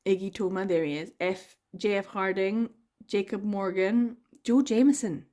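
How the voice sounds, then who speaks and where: A book vlogger chats enthusiastically on camera, drifting between thoughts, filling gaps with ums, trailing off and laughing often. Her mid-range, warm voice keeps fairly even intonation at normal speed.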